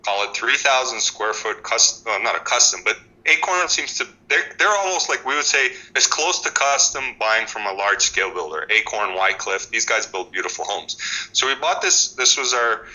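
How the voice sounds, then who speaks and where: A man in his forties, speaking as a housing expert guest in an interview, telling stories with animated restarts. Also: mid-range voice, normal speed, poor audio. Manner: animated storytelling with frequent restarts. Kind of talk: conversational interview.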